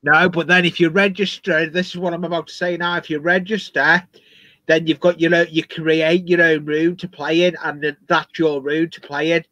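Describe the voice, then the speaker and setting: A man's voice: on the high side, level tone, normal speed, sharp tone, dry recording. A man from the Wirral with a Scouse accent, chatting on a live stream in a hesitant way with many restarts. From the Wirral, England. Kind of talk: casual live-stream chat.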